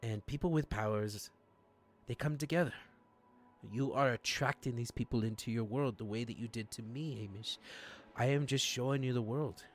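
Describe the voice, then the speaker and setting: A man's voice: medium pitch, moderate pace, faint music behind, natural voice. A man voicing a flamboyant summoned spirit with a put-on bad Spanish accent and a grand, theatrical delivery. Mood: grandiose.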